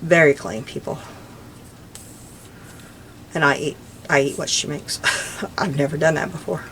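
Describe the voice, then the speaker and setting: An older woman with a lowish voice chats as she crafts, wandering from one story to the next. Her talk is relaxed and homey, with soft laughs. A faint hiss of noise sits under the recording. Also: measured pace, creaky. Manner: chatty, rambling, warm little laughs. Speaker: crafting vlogger. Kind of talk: casual chat while crafting.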